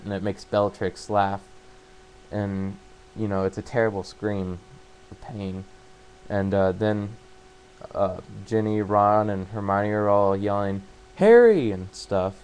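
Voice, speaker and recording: Man with a low, even delivery, casually retelling a story; stumbles and restarts often. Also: slight background noise, poor audio. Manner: halting, full of fillers and restarts. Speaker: book summarizer. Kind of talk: casual spoken plot retelling.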